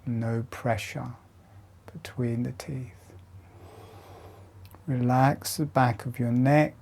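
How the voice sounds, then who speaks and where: Very slow, dark-voiced male meditation guide. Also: medium pitch, creaky, slight background noise. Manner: slow, calm, soft instructions with long pauses. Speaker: breathwork teacher.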